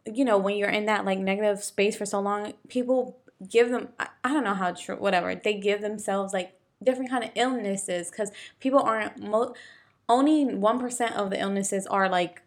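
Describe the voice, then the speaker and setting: A woman's voice: mid-range voice, normal speed. A young woman in casual chat, speaking candidly, swearing freely and laughing often.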